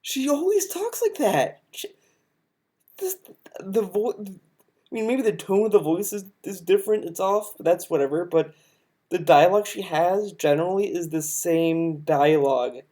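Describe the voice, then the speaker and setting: Mellow-voiced man ranting in argument. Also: high-pitched, normal speed. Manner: argumentative, emphatic, interrupts the video. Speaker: streamer reacting to videos. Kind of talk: heated reaction commentary.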